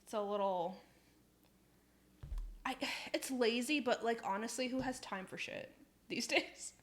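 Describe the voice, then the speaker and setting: A chatty young woman on a live stream, reading viewer messages aloud and answering them offhand. She laughs often and swears casually, with a voice that sits a little high. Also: a little slow, fairly bright tone, slight background noise.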